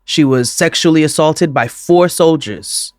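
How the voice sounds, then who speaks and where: A man co-hosting a podcast in casual chat, animated and profane, often breaking into laughter. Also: a little high, measured pace, dry recording, clean studio sound. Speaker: podcast co-host.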